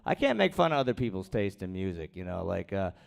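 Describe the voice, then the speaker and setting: A man's voice: low voice, very animated, fast, creaky. A man doing a crude, rambling, self-deprecating stand-up set at an open mic in a small comedy room, speaking into a handheld stage mic.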